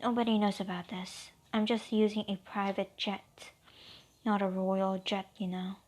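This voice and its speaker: A woman voicing a young princess who travels in secret, polite and calm, speaking softly and hushed. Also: mid-range voice, measured pace, close to an everyday voice.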